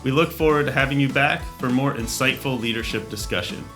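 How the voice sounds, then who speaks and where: A man's voice: medium pitch, fairly quick, over loud music. A man hosting a leadership podcast who chats casually, then reads the closing lines. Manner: easygoing, wraps up the episode. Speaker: podcast host. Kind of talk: casual chat and scripted outro.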